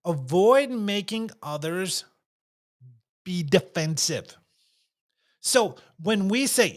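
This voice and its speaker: A man's voice: high voice, expressive, measured pace. A man giving a casual talk on communication, repeating his points and acting out little quotes. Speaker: communication speaker.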